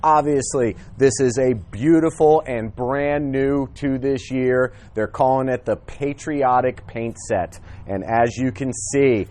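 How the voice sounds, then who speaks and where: Man, dealership presenter, casual outdoor walkthrough, eager and chatty, mid-pitched voice, handheld camera. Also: slow, hardly any pauses, darkish tone. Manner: friendly, enthusiastic, with frequent fillers.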